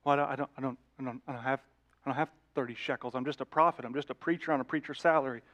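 A man's voice: medium pitch, fairly even intonation, racing, a bit bright, natural voice. A man voicing a devoted prophet husband who stammers when pressed and speaks tenderly to his wife, within a sermon. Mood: flustered. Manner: stammering, pleading, then tenderly firm.

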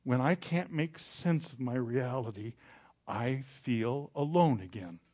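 A man preaching a sermon, telling the story with dramatic rises, then turning quiet and confessional. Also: mid-range voice, a little slow. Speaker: pastor.

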